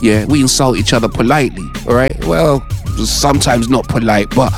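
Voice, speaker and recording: A man's voice: medium pitch, fairly quick, music in the background. A British man hosting a radio show, chatting casually with listeners and often checking in with "all right?". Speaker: radio host.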